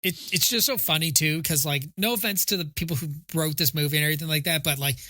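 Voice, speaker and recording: A man's voice: a little high, quick pace, pushed and bright, no room sound. A man co-hosting a casual film podcast, joking and mocking, slipping into silly quoted voices. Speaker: podcast co-host. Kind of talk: casual chat about a film.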